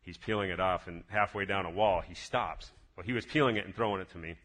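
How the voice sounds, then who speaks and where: A man with a fairly low but bright, forceful voice recounts a personal faith story. He talks casually and gets excited, restarting his sentences as he goes. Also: fast talker. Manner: lively, excited retelling with many restarts. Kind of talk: casual spoken testimony storytelling.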